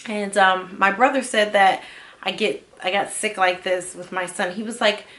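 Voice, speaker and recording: A woman's voice: mid-range voice, fairly even intonation, normal speed, a bit bright. Candid woman rambling in a vlog. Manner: candid, rambling, with frequent fillers. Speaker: vlogger. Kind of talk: casual personal vlog update.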